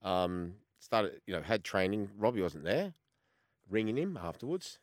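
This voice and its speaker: A man in his fifties with an Australian accent, a former goalkeeper telling an animated story as a sports radio guest and acting out the conversations he recounts. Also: fairly low pitch, measured pace, no echo. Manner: animated storyteller who acts out quoted exchanges.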